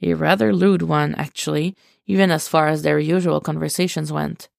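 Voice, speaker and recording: A woman narrating a podfic in a steady, wry read. Her voice is lowish and very gravelly. The recording is close and dry. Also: normal speed, dry recording. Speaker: podfic reader. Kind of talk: storybook narration.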